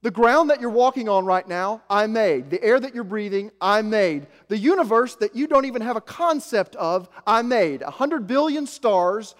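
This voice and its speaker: A man voicing God as an almighty creator, speaking in slow, solemn declarations. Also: lively intonation. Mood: majestic. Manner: slow, booming, measured declarations. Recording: echoey hall.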